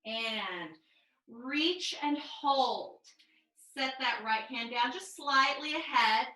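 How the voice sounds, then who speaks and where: A woman teaching a live online mat pilates class, calmly cueing each move and breath over a video call. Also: high-pitched, takes it slowly, reverberant, poor audio. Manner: calm step-by-step cueing with breath counts. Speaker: pilates instructor.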